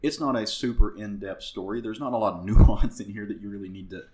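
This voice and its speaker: A man's voice: lowish voice, fairly quick, darkish tone, a little hiss or hum. A man with a Southern US accent co-hosting a podcast, recapping a comic book in a rambling casual way with many fillers and restarts. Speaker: podcast co-host.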